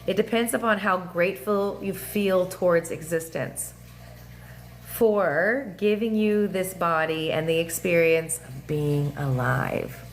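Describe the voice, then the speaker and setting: Animated, profane woman livestreaming. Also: fairly low pitch. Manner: animated, profane, laughing asides and sing-song voices. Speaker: livestream host. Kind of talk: casual astrology livestream chat. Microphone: phone or webcam mic.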